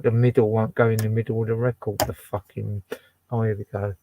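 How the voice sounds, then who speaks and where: A man's voice: on the low side, little pitch movement, fairly quick, warm tone. A man in his sixties, chatting casually and swearing as he plays vinyl records and jokes at himself. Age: 60s. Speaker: home DJ playing vinyl records. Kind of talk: casual chat.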